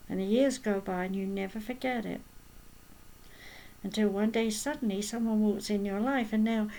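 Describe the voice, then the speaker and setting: A woman's voice: medium pitch, darkish tone, low-quality recording. A woman medium and healer talking casually, telling stories and tossing in rhetorical asides. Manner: chatty, storytelling, with rhetorical asides. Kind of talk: casual spoken talk.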